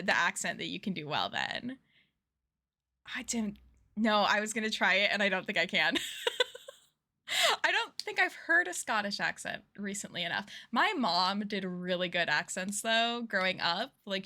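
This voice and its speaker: A woman's voice: medium pitch, sharp tone. A woman streamer in casual livestream chat while playing a game, chatty, giggly and self-deprecating.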